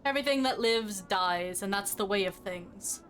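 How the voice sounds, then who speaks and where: Girl voicing a tired gruff gravedigger guy, slow resigned drawl, faint hum behind. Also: medium pitch, a bit bright, natural voice. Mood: weary. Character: gruff weary male gravedigger.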